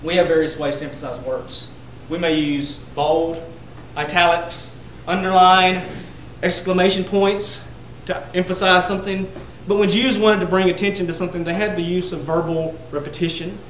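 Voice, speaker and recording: A man's voice: high voice, fairly even intonation, normal speed, few pauses, slight background noise. Emphatic preacher man in an echoey room. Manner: building to loud emphatic peaks on repeated words. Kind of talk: sermon. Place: church sanctuary.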